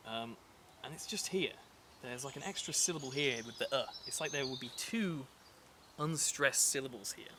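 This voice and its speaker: A man teaching verse in a relaxed, conversational way, at an ordinary pitch. He often pauses to fill gaps and rephrase. The recording has a clear layer of background noise with birds and insects. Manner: relaxed and chatty, with frequent fillers and restarts. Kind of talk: casual explanatory lesson.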